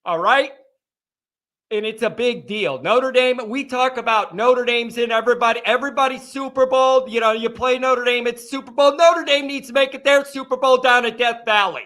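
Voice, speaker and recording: A man's voice: very high-pitched, moderate pace, sharp tone. A man hosting a live sports reaction show, talking in a fired-up, ranting way.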